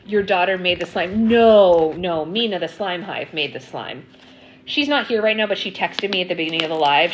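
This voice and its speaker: A woman's voice: on the low side, a little hiss or hum, rough recording. Chatty woman hosting a live stream. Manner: chatty, answers viewer comments, many ums. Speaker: slime livestream host. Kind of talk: casual livestream chat.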